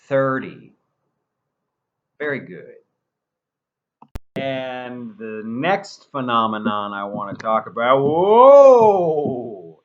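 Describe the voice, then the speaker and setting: A man leads an English pronunciation lesson, drawing words out slowly and carefully so learners can repeat after him. His voice swoops up and down with lively expression, and he drops in playful asides. The sound is dull and a little lo-fi. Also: mid-range voice. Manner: slow, careful modeling of words for repetition. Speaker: English teacher.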